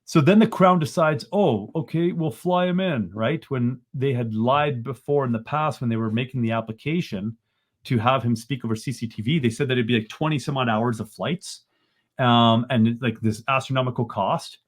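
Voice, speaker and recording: A man, a podcast guest retelling events in an animated, exasperated way and often ending lines with "right?". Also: mid-range voice, normal speed. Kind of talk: casual storytelling in a podcast interview.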